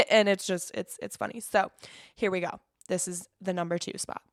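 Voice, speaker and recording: A woman's voice: lowish voice, steady tone, a little hiss or hum. A young woman hosting a casual solo podcast, rambling, swearing freely and laughing as she talks. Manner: rambling, cursing, quick laughs. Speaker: podcast host.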